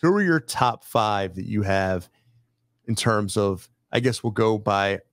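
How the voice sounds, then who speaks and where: A man hosting a casual studio chat, brisk and jokey as he runs through a list of items. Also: lowish voice, expressive, no echo. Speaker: host. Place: studio filled with sports memorabilia.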